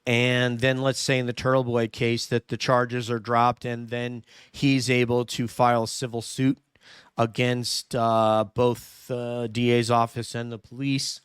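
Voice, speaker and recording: A man hosts a conversational interview in a smooth, clear voice with very little melody. He speaks haltingly, pausing on fillers, and the recording is close and dry. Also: mid-range voice, level tone, no room sound. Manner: halting, many filler pauses. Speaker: podcast host.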